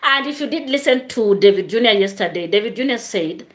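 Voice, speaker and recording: A woman's voice: mid-range voice, animated, brisk. A woman hosts a live stream, reading out viewer comments and chatting straight to her viewers.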